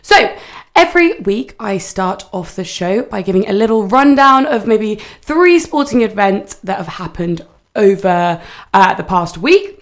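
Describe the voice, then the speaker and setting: A woman's voice: medium pitch, very animated, a little slow. Chatty young woman hosting radio. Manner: chatty, lightly self-mocking. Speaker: student radio sports host. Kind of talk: casual radio chat.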